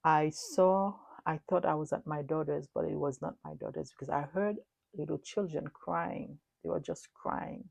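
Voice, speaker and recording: A middle-aged woman preaching a prophetic message in a low, gravelly, mellow voice, recorded dry and close. Her delivery is earnest and repetitive, lurching between loud declarations and hushed words. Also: moderate pace, no room sound. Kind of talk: prophetic sermon recounting a dream.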